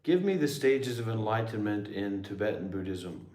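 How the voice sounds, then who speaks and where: A man's voice: lowish voice, expressive, moderate pace, darkish tone, echoey room. A man who is a former monk and meditation teacher talking bluntly and sardonically on a livestream. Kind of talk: livestream Q&A talk.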